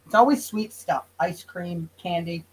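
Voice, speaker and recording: A woman's voice: lowish voice, unhurried, a crowd in the background, low-quality recording. Chatty Canadian woman hosting a live chat. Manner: chatty, laughs often, trails off and restarts. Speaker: host of a live chat show. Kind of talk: casual chat.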